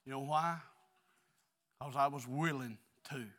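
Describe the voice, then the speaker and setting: A middle-aged man preaching an earnest, confessional sermon in a church, swinging between quiet stretches and loud ones. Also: mid-range voice, unhurried. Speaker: pastor.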